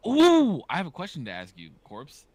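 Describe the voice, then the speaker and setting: A man in his thirties hosts a podcast, chatting casually and animatedly acting out stories with quoted dialogue. His voice sits high at a normal speed, captured in a dry recording.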